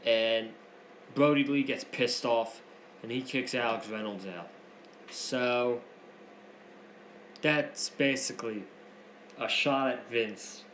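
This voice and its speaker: A man's voice: medium pitch, a bit bright. Heated man ranting wrestling news. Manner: heated, opinionated, repeats himself for emphasis. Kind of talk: casual news commentary. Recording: echoey room with faint noise.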